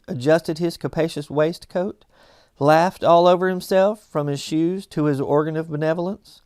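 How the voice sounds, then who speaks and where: A man reading a classic novel aloud in a measured storytelling manner. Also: on the high side, a little mellow, clear, resonant tone, no echo, studio quality. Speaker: audiobook reader.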